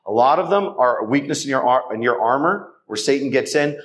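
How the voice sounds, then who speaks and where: A man gives an earnest testimony at a church men's event, turning again and again to urge the men in front of him. His pitch sits in the middle, and he delivers it as a heartfelt exhortation. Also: animated, fairly quick, fairly bright tone, a little hiss or hum. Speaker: speaker at a Catholic men's event. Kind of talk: testimony talk to a men's gathering. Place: church hall.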